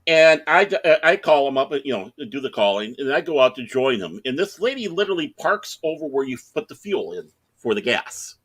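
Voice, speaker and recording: A man's voice: mid-range voice, very animated, brisk, few pauses, fairly bright tone. A middle-aged man telling a long anecdote in casual chat, acting out the other people in the story in raised voices. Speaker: podcast co-host.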